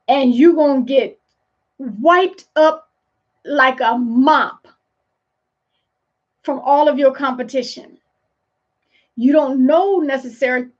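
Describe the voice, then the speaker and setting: A woman leadership coach giving an emphatic motivational live talk, often repeating phrases for weight. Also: high-pitched. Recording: dull lo-fi sound.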